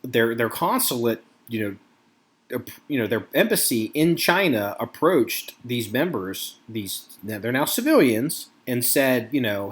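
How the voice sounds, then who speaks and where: Animated, swearing American man ranting. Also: mid-range voice, a little slow. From United States. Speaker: podcast host. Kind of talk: casual podcast chat.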